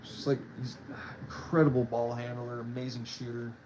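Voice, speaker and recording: A man's voice: medium pitch, level tone, moderate pace, a little mellow, slight background noise, poor audio. A young man in casual chat, rambling with many fillers while he opens trading cards. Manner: rambling, filler-heavy, with restarts. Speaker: card-opening vlogger.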